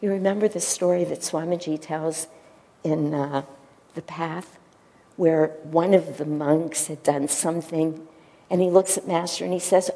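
A woman gives a devotional talk, her voice a touch low and warm-toned. She tells the story gently and unhurriedly, stopping now and then to find the right word. Her voice rings with a long reverb, as if in a large hall. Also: steady tone. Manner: gentle, storytelling, pauses to search for words. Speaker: spiritual teacher.

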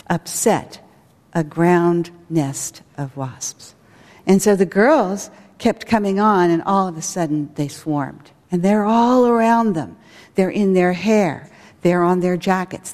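A woman's voice: lowish voice, mellow. A woman who directs a school, giving an earnest spiritual talk with stories. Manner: earnest, storytelling with acted quotes. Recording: long hall reverb.

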